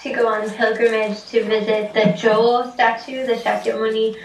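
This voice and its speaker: A woman's voice: a little high, level tone, moderate pace, slight background noise. A woman from Tibet casually telling a folk tale, chatty with many fillers and frequent laughs. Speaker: storyteller. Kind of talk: casual storytelling. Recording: echoey room, distant mic.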